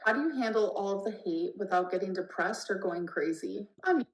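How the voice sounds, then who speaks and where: A woman's voice: mid-range voice, expressive, brisk. A woman answering viewer questions in a casual vlog, plain and matter-of-fact. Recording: roomy echoing clip.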